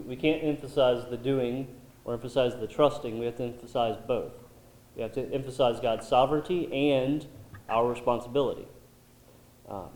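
Male Bible study leader, steady mid voice, echoey room, thinks aloud. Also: mid-range voice. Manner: thoughtful, many um fillers and restarts. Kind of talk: leading a group discussion. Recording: roomy echo.

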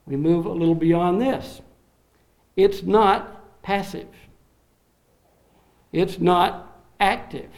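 A middle-aged man, a pastor, delivering an expository sermon in a lively, teaching manner with occasional fillers. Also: sits high.

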